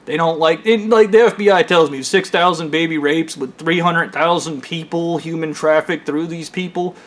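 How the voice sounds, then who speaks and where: A man's voice: fairly high pitch, moderate pace. Rambling, profane man with a raised voice. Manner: profane, rambling, full of fillers and restarts. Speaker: storyteller recounting his own experiences. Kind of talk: rambling casual storytime monologue.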